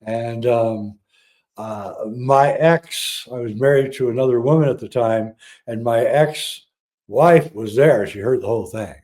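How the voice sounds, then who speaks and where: Middle-aged male storyteller, warm dark tone, lively re-enactor of dialogue. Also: mid-range voice, a little slow. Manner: animated, acts out dialogue. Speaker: filmmaker guest. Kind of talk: personal storytelling.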